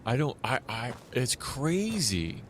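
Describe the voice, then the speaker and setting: A man's voice: mid-range voice, takes it slowly, a little hiss or hum. Rambling man streaming a shooter game. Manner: rambling, restarts sentences, excitable. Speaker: streamer playing a survival shooter. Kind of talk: live gameplay commentary.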